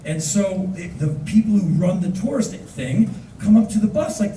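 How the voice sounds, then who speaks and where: An American man in his fifties telling a story on stage with an animated, wry, punchy delivery. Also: high voice, moderate pace, slight background noise. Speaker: spoken word performer. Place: concert venue on stage. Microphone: recorded from the audience. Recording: echoey distant audience recording.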